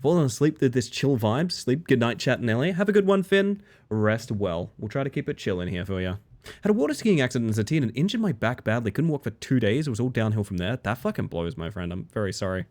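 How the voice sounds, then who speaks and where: Young man, streamer, casual chat, lively pitch, excitable, swears freely. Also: fast. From Australia. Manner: animated, swears freely, reads chat aloud.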